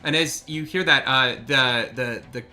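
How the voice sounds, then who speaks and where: Halting, bright-voiced game master man. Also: medium pitch, soft background music. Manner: halting, many fillers and restarts. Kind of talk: narrating a tabletop game.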